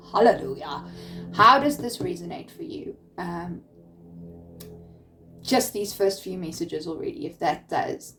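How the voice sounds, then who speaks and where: A young woman giving a spoken tarot reading in a gentle, soothing way, often restarting her sentences. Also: medium pitch, a little hiss or hum. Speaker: tarot reader.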